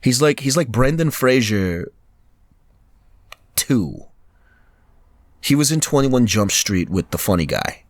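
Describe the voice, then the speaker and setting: A man co-hosting a casual podcast chat, animated, laughing often and slipping into mock voices. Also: medium pitch, slow pace, pauses often, dry recording. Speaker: podcast co-host.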